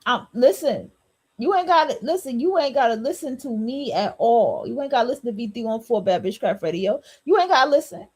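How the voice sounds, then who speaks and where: A woman's voice: a little high, animated, fairly quick, a little mellow, slightly rough. A woman hosting a solo podcast, talking in a blunt, repetitive, preachy and profane way. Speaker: podcast host.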